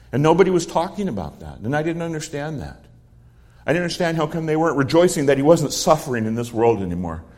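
A middle-aged man's mid-range, darkish voice delivers a sermon explaining a psalm verse by verse. Earnest storytelling from his own life runs through it, with dialogue quoted along the way.

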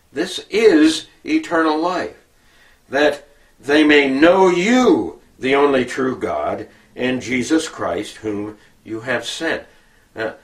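Man preaching a Bible lesson, slightly high voice, unhurried, mic set back from him. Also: fairly bright tone, distant mic. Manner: slow, halting, many filler "uh"s. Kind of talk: Bible teaching sermon.

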